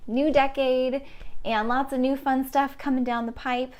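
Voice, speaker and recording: A woman's voice: sits high, level tone, unhurried, darkish tone. Chatty young woman on a livestream. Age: late 20s. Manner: chatty, friendly, reads out and answers chat comments. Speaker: pianist streaming live. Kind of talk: casual chat to a live-stream audience.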